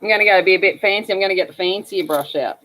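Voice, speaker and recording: A woman's voice: medium pitch, rapid-fire, fairly bright tone, rough recording. A woman with an Australian accent, hosting a casual livestream and chatting to viewers about slang while she colors. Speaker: livestream host.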